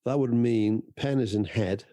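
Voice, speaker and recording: A man's voice: mid-range voice, measured pace, warm tone, dry recording. A man co-hosting a podcast, teasing his friend in casual chat over a video call. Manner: dry, teasing. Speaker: podcast co-host.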